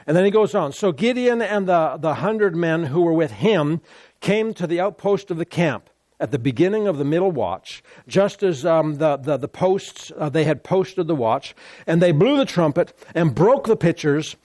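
A man preaching a sermon with call-and-response, animated and repeating words for emphasis. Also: high voice.

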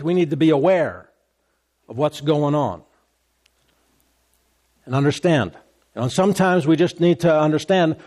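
A man's voice: fairly high pitch, darkish tone. A man preaching a sermon as a pastor, in a conversational tone, repeating phrases and asking the congregation "Amen?".

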